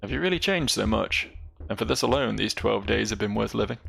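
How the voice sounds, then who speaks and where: Brief: a man voicing a sly reformed crime boss, very gravelly, folksy and low-key, game dialogue read aloud. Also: expressive, a little fast, fairly bright tone, soft background music, heavily acted. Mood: devoted. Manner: rough folksy speech, reading dialogue aloud. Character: sly repentant male gang boss.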